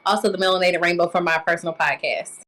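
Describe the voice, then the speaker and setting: A woman's voice: lowish voice, steady tone, quick pace, fairly bright tone. A woman appears as a guest on a podcast and speaks in a blunt, jokey way. Her delivery is casual and conversational. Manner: frank, joking. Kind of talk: casual chat.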